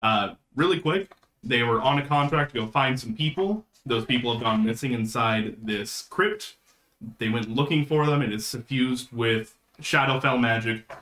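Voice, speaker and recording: Man, game master, tabletop narration, measured delivery, roomy echo. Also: medium pitch, a bit bright. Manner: measured scene-setting narration.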